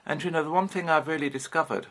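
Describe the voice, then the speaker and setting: A man's voice: on the high side, fast talker, a bit bright. A British man in his fifties talking frankly in a rambling personal vlog, swearing casually as he goes. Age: 50s. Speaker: vlogger. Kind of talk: candid personal vlog monologue.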